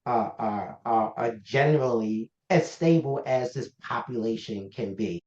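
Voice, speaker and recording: This Baltimore man speaks at a measured pace with a medium-pitched voice while being interviewed about founding a health organization. He's a lively storyteller who performs the quoted exchanges and voices of the people he describes. The audio is lo-fi, dull and roomy.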